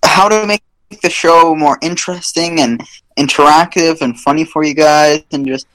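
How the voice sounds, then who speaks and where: A man's voice: a little high, moderate pace, fairly bright tone, dry recording, low-quality recording. A young man co-hosting a podcast, joking along in casual chat. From Canada. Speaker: podcast co-host.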